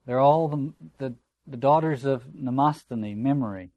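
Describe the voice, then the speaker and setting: Male lecturer, mid pitch, reflective and digressive, dry recording. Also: normal speed, dark tone, dry recording, muffled recording. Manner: reflective, digressive, conversational asides. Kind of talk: literature lecture with read-aloud passages.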